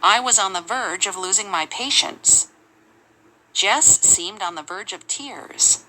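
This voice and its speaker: A woman reading English example sentences aloud in a measured, lively way for a lesson. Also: medium pitch, slight background noise, low-quality recording.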